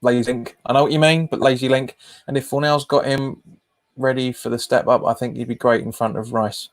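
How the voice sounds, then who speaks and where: A brisk, medium-pitched man with fairly even intonation provides live match commentary on his football watch-along stream, calling passes and chatting casually with viewers, often repeating himself.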